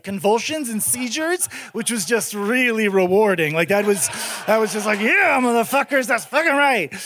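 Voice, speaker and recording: High-voiced man telling a profane story. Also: no room sound. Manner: profane, rambling, animated delivery. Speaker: comedian. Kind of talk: comic storytelling.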